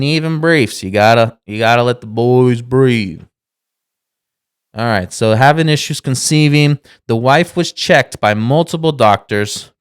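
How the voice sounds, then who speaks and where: A man's voice: medium pitch, clear, resonant tone. A man in his thirties co-hosting a casual podcast, rambling with many restarts and swearing as he talks. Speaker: podcast co-host.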